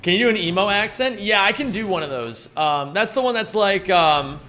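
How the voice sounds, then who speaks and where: A man's voice: high voice, animated, moderate pace, sharp tone, faint music behind. A man streaming a speedrun, chatting loosely with his viewers, greeting them by name and rambling between thoughts. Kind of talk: live-stream chat while speedrunning.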